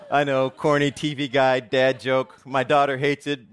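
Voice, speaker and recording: A middle-aged man, a television reporter, telling a personal story in a talk with animated, joking delivery. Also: normal speed, few pauses. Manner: animated, jokey storytelling with big pitch swings.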